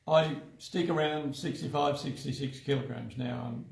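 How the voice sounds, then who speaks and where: Give me an easygoing man, gravelly, in a roomy space. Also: medium pitch, fairly even intonation, normal speed. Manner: easygoing, repeats words when starting. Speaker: wellness centre co-host. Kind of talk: casual health chat. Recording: echoey room.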